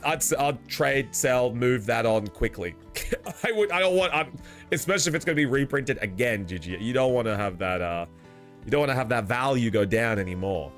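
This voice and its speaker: A man's voice: medium pitch, fairly bright tone. A young man streaming live, chatting casually with his viewers, joking, laughing a lot and swearing freely.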